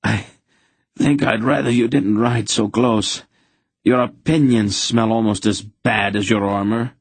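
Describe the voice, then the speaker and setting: A man voicing a wounded, sharp-tongued young man. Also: on the low side, fairly even intonation, unhurried, slightly rough, no echo, voice pushed up. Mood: scornful. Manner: biting, strained.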